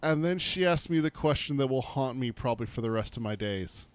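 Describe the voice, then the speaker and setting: A man co-hosting a book podcast, telling stories in an animated way, swearing and laughing as he talks. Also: medium pitch, brisk, clean tone, dry recording. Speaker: podcast co-host. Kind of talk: casual chat.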